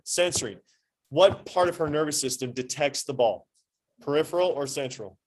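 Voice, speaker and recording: A man teaching an anatomy class, quizzing students with quick questions and playful sports analogies. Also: a little high, animated. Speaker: high school anatomy teacher.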